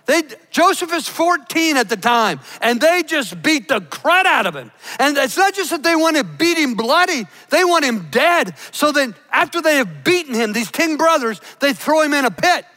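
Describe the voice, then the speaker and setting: A man preaching a sermon, emphatic, slowing down to stress key words. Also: very high-pitched, big pitch swings, bright, forceful tone. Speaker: pastor. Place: church.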